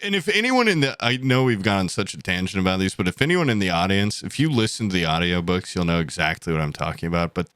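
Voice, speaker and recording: A laid-back man co-hosting a podcast, with a low voice that still sounds bright and forceful. He jokes around in a dry, close-miked sound. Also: expressive, quick pace, hardly any pauses, clear, resonant tone, no room sound. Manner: laid-back, joking, mimics voices in quotes. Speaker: podcast co-host. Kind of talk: casual chat.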